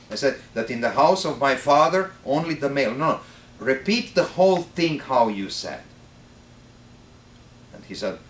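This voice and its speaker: Serbian-accented priest, echoey and distant. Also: male voice, medium pitch, slight background noise. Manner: animated, acts out dialogue in the story. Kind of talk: retreat talk, storytelling. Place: retreat center hall. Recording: roomy, distant mic in a hall.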